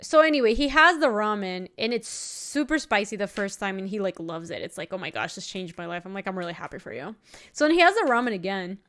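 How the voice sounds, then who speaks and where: A young woman streamer chatting casually while playing a card game, telling an animated story with laughing asides. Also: medium pitch, fast. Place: home streaming setup.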